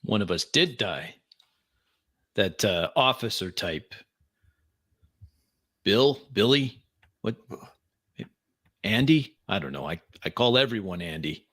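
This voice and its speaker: A man's voice: sits low, lively intonation, normal speed, a bit bright, no echo. A man playing a tabletop game in character, blunt and casual. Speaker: player.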